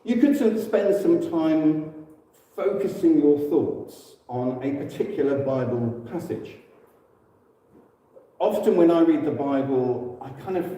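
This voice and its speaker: English man, relaxed church talk, echoey hall. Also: a little high. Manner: relaxed and conversational, with frequent fillers and self-corrections. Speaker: church speaker. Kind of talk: informal church teaching talk. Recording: echoey hall, distant mic.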